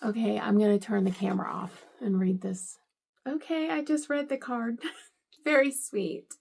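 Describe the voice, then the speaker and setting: A woman's voice: mid-range voice, normal speed, vocal fry, darkish tone, husky. A middle-aged woman in a casual home vlog, unboxing gifts and gushing with delight, often repeating how much she loves each item. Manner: gushing, delighted, lots of "I love it".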